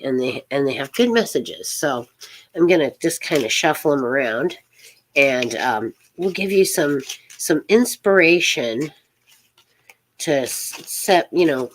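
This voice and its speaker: A middle-aged woman hosting a casual live tarot reading, rambling and halting, with many fillers and soft laughs. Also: sits low, slight background noise.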